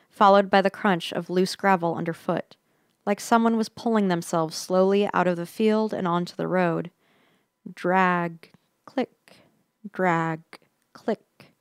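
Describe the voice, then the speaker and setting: Low-voiced woman reading a ghost story. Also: clear, resonant tone, no room sound, studio quality. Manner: suspenseful, dropping into tense whispers. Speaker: podcast host reading a story. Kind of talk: dramatic first-person story reading.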